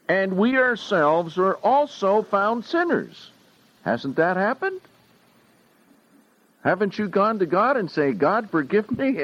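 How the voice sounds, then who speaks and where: A man teaching a Bible study verse by verse, often putting questions to his listeners. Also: fairly high pitch. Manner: slow and questioning, asks the audience often. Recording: dull lo-fi recording.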